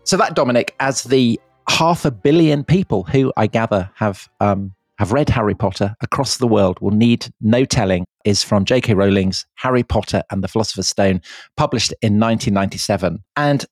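A man co-hosting a conversational podcast, asking questions in a wry way and quick to concede points. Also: fairly low pitch, dry recording, studio quality, soft background music. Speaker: podcast co-host.

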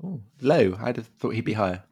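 A man trades quick, jokey remarks as he co-hosts a podcast. His voice is slightly husky, and his pitch swings widely as he talks. He sounds animated and chatty throughout. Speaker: podcast co-host. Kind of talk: casual chat.

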